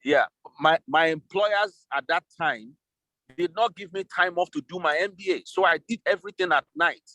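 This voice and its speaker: Man consultant, slightly high voice, methodical, dry close sound. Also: normal speed, sharp tone, no room sound. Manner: methodical, lays out scenarios step by step. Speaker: guest, business consultant. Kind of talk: explanatory interview answer. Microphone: remote call.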